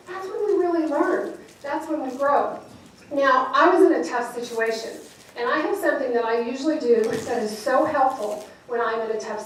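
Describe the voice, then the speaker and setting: Woman, motivational speaker, animated storytelling, echoey event hall, distant mic, faint room noise. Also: on the high side. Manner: animated, laughing often, acts out voices in her stories. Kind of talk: storytelling keynote speech. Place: large event hall with audience.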